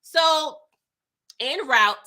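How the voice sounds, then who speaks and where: Woman recap host: high voice, animated and slangy, chatty retelling. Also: extremely slow. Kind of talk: live TV episode recap.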